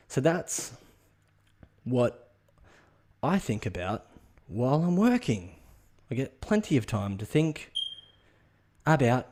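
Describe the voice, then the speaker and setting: A man's voice: mid-range voice, very animated, slow, pauses often, darkish tone. Sweary, rambling man. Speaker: podcast host. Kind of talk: comedic rambling monologue.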